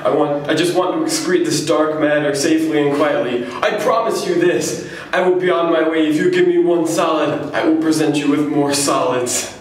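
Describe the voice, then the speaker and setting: A man's voice: fairly high pitch, normal speed, voice pushed down, close to an everyday voice. A man voicing a startled stranger in a neighboring bathroom stall who pleads nervously, then with mock solemnity. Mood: solemn pleading. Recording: very echoey room, mic far off.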